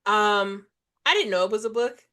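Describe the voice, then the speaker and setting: A woman's voice: medium pitch, moderate pace, bright, forceful tone. A young adult woman hosting a book podcast, chatting casually and acting out quoted dialogue. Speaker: podcast host. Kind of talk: casual chat.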